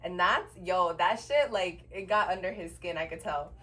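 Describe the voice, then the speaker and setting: Recorded from a distance, this podcast co-host has a lowish voice and talks at normal speed. In casual chat she spins an animated story, voicing the people in it and cursing freely.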